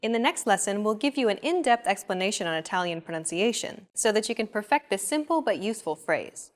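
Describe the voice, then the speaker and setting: A woman hosting a language lesson, explaining pronunciation in a clear, measured scripted narration. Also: mid-range voice, animated. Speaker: host.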